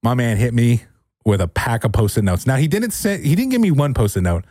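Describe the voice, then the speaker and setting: A man's voice: medium pitch, fairly quick, no echo. A man co-hosting a podcast, teasing his guest in casual chat and laughing often. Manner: animated, teasing, laughs a lot. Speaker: podcast co-host.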